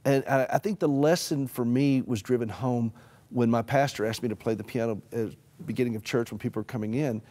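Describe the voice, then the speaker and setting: Southern US man, middle-aged, rapid folksy interview guest with humor and soft hushed asides. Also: mid-range voice. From American South. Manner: storytelling, folksy humor, drops to a gentle hush. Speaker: author and caregiver advocate.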